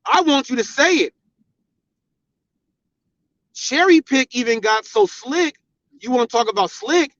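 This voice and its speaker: Heated high-voiced American man ranting. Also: lively intonation, measured pace, pauses often, a bit bright, dry recording. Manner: confrontational, repetitive, emphatic. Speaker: channel host. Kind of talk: heated commentary monologue. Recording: dull, dry lo-fi sound.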